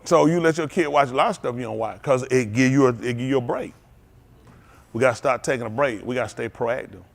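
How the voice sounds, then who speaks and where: A middle-aged man, preaching an animated sermon as pastor, laughing and calling out to the congregation. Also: mid-range voice, quick pace, creaky. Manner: animated preaching with laughs and audience call-outs.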